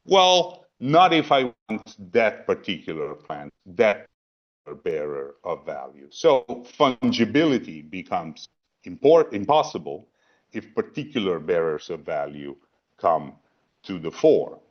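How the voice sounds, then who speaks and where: A man with a lowish voice presents a philosophy talk to a virtual audience. He thinks aloud, restarting phrases and tacking on asides. The sound is dull and lo-fi, like a video call. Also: big pitch swings, unhurried. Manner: thinking aloud, repeats words, many asides. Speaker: panel presenter.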